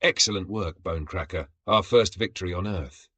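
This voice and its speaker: Stern male alien commander, gruff and bossy, forceful delivery, as a narrator puts him on. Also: sits low, normal speed, exaggerated voice. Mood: proud.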